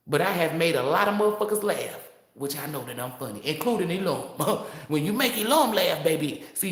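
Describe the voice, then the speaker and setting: A woman's voice: on the low side, reverberant. A woman giving a casual spiritual monologue as a tarot reader, brash, boastful and profane, laughing often.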